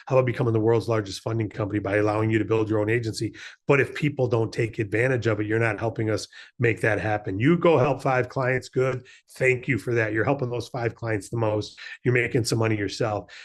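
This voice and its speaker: Energetic man giving a motivational pitch. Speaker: business trainer. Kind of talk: motivational training talk with a fable.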